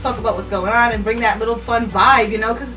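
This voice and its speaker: A woman co-hosting a casual podcast, playful and quick with her answers. She talks fast in a bright, forward voice. She sits a bit away from the mic, with faint music behind her. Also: fairly high pitch, fairly even intonation, far from the mic. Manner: playful, quick back-and-forth, laughs. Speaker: guest co-host. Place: studio room with a small audience.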